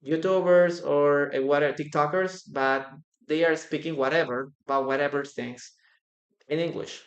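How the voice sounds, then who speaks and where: A man teaching English in a live online class, slowly repeating example sentences and stressing them to drill the correct pattern. He is a native Spanish speaker. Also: fairly high pitch, steady tone, echoey room, lo-fi sound. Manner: slow, repeats example sentences with raised emphasis.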